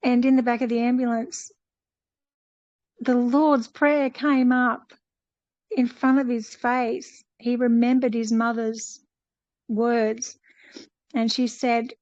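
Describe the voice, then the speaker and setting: Woman, fairly high voice, rambling fellowship storyteller, dry muffled sound. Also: little pitch movement, slow pace, long pauses, darkish tone, no room sound. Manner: rambling, many fillers and restarts, paraphrasing a story. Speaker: fellowship participant. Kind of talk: casual testimony retelling.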